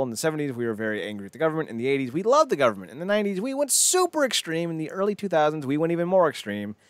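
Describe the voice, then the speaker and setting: A man's voice: a little high, dry recording. A man co-hosting a podcast, rambling in casual banter and slipping into silly impressions. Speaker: podcast co-host.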